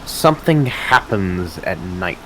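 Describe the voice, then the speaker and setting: A man's voice: low voice, lively intonation, slow, fairly bright tone, a little hiss or hum, low-quality recording. A man playing a tabletop role-playing game, joking in character and insisting on his ideas. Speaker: player.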